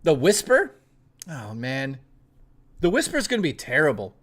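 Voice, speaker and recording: His pitch swoops wildly around a slightly high center, and he speaks a little slowly in a fairly bright tone. The young man is livestreaming, reading viewer messages aloud and riffing on them with plenty of cursing. The chat is loose, profane, and casual.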